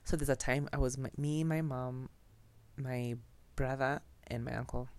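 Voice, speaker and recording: A woman's voice: a bass voice, fairly even intonation, moderate pace, darkish tone, dry recording. A young Kenyan woman chatting casually and telling personal stories, mixing in Swahili phrases and laughing often. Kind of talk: casual storytelling.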